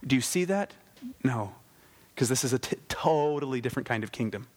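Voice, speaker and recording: A man preaching a sermon in a lively, conversational way, with wry asides. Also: mid-range voice, a little fast. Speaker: pastor.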